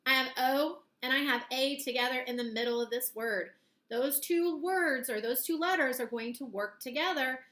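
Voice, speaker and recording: Woman teacher, phonics lesson for kids, high bright voice, slow clear sound-outs, echoey room. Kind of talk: phonics lesson for young children.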